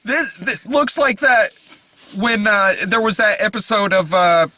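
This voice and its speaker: A man's voice: high-pitched, unhurried, bright, forceful tone. A man co-hosting a casual movie podcast, talking in a profane, rambling way and often cutting himself off. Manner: profane, rambling, self-interrupting. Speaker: podcast co-host. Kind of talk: casual movie-trailer chat.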